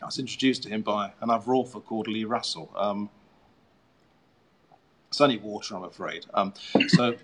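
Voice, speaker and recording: A man with a fairly low voice talks casually as a guest author. He rambles through his stories with self-mocking humor, full of fillers and restarts. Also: steady tone, normal speed, long pauses, fairly bright tone. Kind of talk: casual chat.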